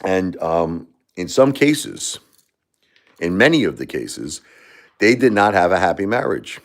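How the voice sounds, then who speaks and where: A man's voice: low voice, very animated, measured pace. A middle-aged man hosting a livestream, talking in a rambling, heartfelt, conversational way. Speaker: livestream host. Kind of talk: casual livestream talk.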